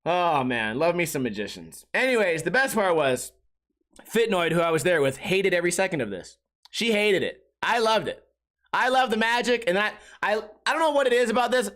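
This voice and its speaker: A man's voice: high voice, sing-song, brisk, a bit bright. A young man hosting a podcast, telling a rambling casual story, acting out quotes and laughing often. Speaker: podcast host.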